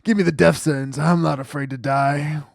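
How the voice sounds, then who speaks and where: A man voicing a melodramatic panicky young man, high and loud, dry sound. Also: fairly even intonation, moderate pace, creaky, no echo. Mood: pleading. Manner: loud despairing wails.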